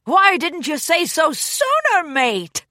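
A woman's voice: very high voice, huge pitch swings, slow, pushed and bright, no echo, clean studio sound, pitched above the performer's own voice, heavily acted. A woman voicing a bold, swaggering female bird pirate captain who rallies her crew in a storybook reading. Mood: rousing. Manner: rousing, commanding.

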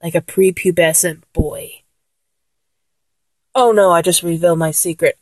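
The speaker is a 24-year-old vlogger whose voice sounds mature and sits on the lower side. At a measured pace she rambles, jokes and giggles through a questionnaire, and the recording is dry.

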